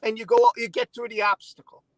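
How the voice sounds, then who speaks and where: A man's voice: very high voice, level tone, a bit bright, dry recording, low-quality recording. Emotional man venting, dry close mic. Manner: emotional, repetitive, halting. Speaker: channel host. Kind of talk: casual venting chat on a stream.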